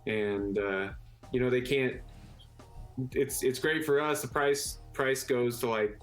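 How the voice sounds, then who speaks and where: A man from Idaho, a chef guest in a casual chat, speaking in a hesitant, measured way. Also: medium pitch, soft background music.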